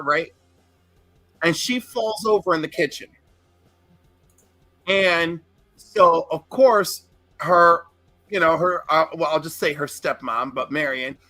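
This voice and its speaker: A man's voice: high-pitched, sharp tone, dry recording. A man in casual podcast chat, telling a long personal story in a rambling, earnest way and swearing freely. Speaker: podcast co-host.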